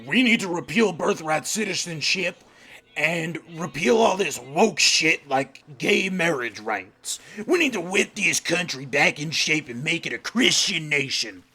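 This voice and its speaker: A man's voice: fairly high pitch, animated, a little slow, sharp tone, slightly rough, exaggerated voice. A man putting on a blustering bigoted ranter. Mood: ranting. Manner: mocking, ranting. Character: blustering bigoted right-wing man, adult.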